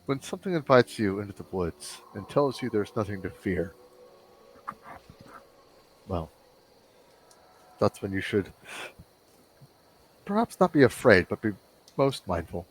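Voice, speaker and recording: A man playing a tabletop game, talking in a wry, measured way. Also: fairly low pitch, sing-song, breathy edge, low-quality recording. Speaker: player.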